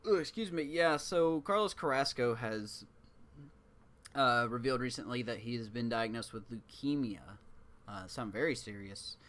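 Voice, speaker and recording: A man's voice: medium pitch, moderate pace, fairly bright tone. Rambling male podcast co-host. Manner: loose, rambling, jokey. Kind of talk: casual sports chat.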